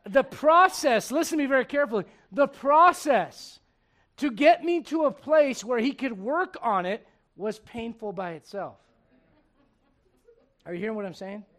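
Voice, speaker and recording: A man preaching a sermon, acting out bits of dialogue with humor and laughter, swinging from loud punchlines to hushed, earnest points. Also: extremely high pitch, normal speed. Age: adult. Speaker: pastor.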